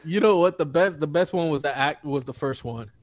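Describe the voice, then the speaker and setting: A man's voice: on the high side, fairly quick, dry recording. A man co-hosting a podcast, telling stories in a casual, profane way and laughing often. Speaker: podcast co-host. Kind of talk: casual chat. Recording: dull lo-fi, dry.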